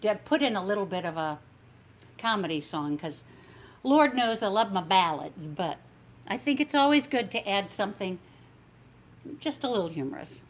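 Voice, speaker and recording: A woman singer hosting her own concert, chatting casually and a little meanderingly between songs, thanking viewers as she goes. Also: medium pitch. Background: piano music.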